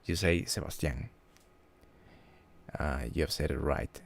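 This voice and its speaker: A man chatting casually on a livestream, halting and restarting his words often. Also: a bass voice, creaky. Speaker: livestream host.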